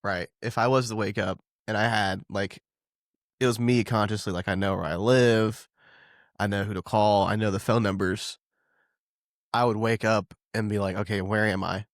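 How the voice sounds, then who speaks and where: A man's voice: on the low side, fairly even intonation, moderate pace, no room sound, clean studio sound. A man from Ohio co-hosting a podcast, chatting casually and joking with frequent laughs. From Ohio, USA. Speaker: podcast co-host. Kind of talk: casual chat.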